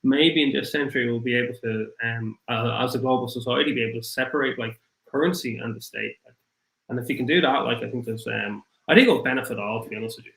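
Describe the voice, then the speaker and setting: A man with an Irish accent hosting a casual livestream, rambling and apologetic, his voice getting rough after hours of talking. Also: mid-range voice, fast, fairly bright tone, reverberant, poor audio. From Ireland. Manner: rambling, apologetic, thinks aloud with many fillers. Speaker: crypto livestream host. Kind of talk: casual livestream chat, reading viewer comments.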